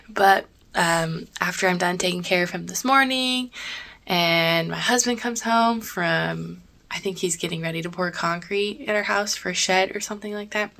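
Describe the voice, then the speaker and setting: A woman's voice: fairly low pitch, fairly even intonation, moderate pace, creaky, fairly bright tone. Chatty young woman author vlogging. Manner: chatty, emotional, drops to whispers at times. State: morning voice. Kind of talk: casual vlog chat. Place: at home and outdoors.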